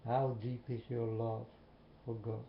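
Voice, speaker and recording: Man talking very slowly and earnestly straight to camera, muffled echoey recording. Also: mid-range voice, level tone, vocal fry. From Netherlands. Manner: slow, repetitive, earnest questioning. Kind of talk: slow earnest monologue to viewers. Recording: muffled, echoey room with faint hiss.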